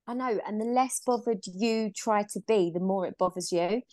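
A woman's voice: mid-range voice, normal speed, dark tone, no echo, studio quality. A woman co-hosting a podcast in casual chat, frank, with hesitant restarts. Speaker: podcast co-host.

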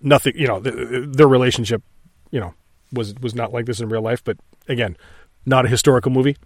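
A man's voice: medium pitch, fairly even intonation, quick pace, no echo, studio quality. A man eagerly walking through film scenes in a casual commentary, cursing and laughing along. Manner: enthusiastic, crude, narrates scenes and acts out lines. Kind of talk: casual movie commentary chat.

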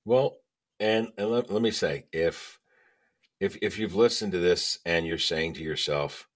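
A man's voice: sits low, a little slow. A middle-aged man, a podcast guest, telling stories emphatically in casual chat and checking in with "okay?".

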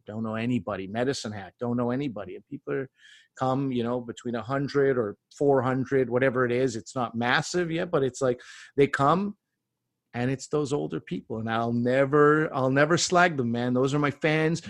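A man, a comedian guest, telling lively anecdotes in casual chat, acting out quotes as he goes. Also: medium pitch, no room sound, studio quality. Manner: animated anecdotes with acted-out quotes.

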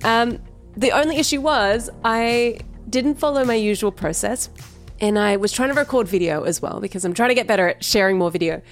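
A woman's voice: a little high, a little fast, soft background music. A woman hosting a casual solo podcast, chatty and upbeat, poking fun at herself. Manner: chatty, upbeat, self-deprecating, laughs often. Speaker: podcast host. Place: home recording setup. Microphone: headphones and studio mic.

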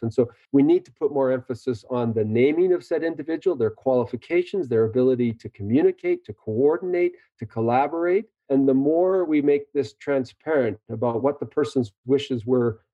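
A doctor explaining patiently and earnestly in an interview, a man in measured conversation. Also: medium pitch, mellow, no echo. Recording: dull lo-fi recording.

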